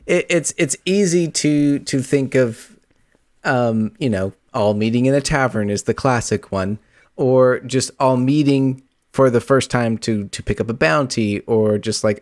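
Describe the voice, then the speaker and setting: A man's voice: medium pitch, a little slow, darkish tone, no room sound, clean studio sound. Man musing aloud about game setups. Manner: thinking aloud, repeating words. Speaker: podcast co-host. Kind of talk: casual chat about a tabletop campaign.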